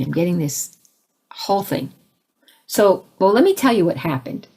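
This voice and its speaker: Husky-voiced woman telling a spiritual story. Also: on the low side. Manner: animated, imitates sounds and voices while telling a story; frequent restarts, laughs between phrases. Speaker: spiritual speaker. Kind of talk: casual storytelling talk.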